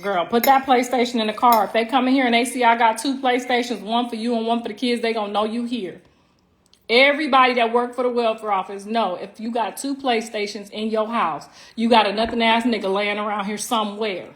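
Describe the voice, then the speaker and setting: A woman's voice: a little high, fairly even intonation, a little fast. A middle-aged woman hosting a casual livestream from home on her phone, brash, profane and teasing, talking straight to her viewers and drawing out words for emphasis. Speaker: livestream host.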